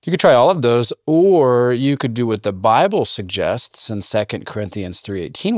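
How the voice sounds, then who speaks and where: A man preaching a sermon, reading scripture aloud and joking by mimicking his listeners in high voices. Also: no room sound, studio quality. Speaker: pastor.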